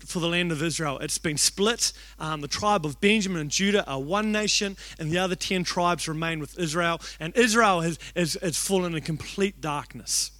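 A young man, a youth pastor telling a story in an energetic sermon, excitable and shouting out the lines he quotes. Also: sits high, dry recording. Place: church hall.

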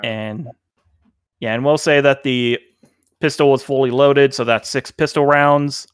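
Relaxed man running a tabletop game. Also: medium pitch, a little slow, clean tone, no room sound, studio quality. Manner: relaxed, rambling, filler-heavy. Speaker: game master.

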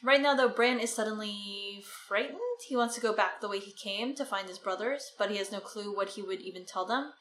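A woman's voice: medium pitch, a little fast, few pauses, a bit bright. A woman co-hosting a casual book discussion, retelling the story in a chatty way full of "like" and "right". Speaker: podcast co-host. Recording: echoey room with faint noise.

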